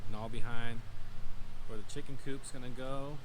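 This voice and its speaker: A man giving a casual tour of his backyard farm, explaining things in a relaxed, folksy way. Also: normal speed. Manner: coos in a high playful voice to animals. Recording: noisy outdoor recording. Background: farm animal noises and outdoor ambience.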